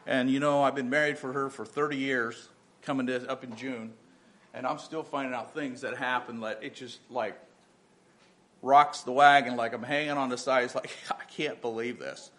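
A man's voice: medium pitch, fairly even intonation, normal speed, a bit bright. A man in his fifties, a pastor giving a sermon, moving from earnest personal storytelling to emphatic preaching with many restarts.

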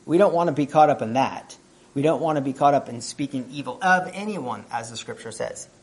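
Husky-voiced man preaching a sermon. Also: mid-range voice, animated, fairly quick. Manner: conversational teaching, asks the audience questions; clears throat often.

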